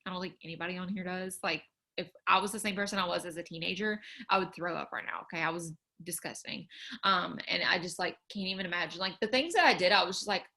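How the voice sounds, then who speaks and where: A young woman with a fairly low, sharp-toned voice talks fast while hosting a livestream, earnestly encouraging viewers in their faith in a casual chat full of filler words.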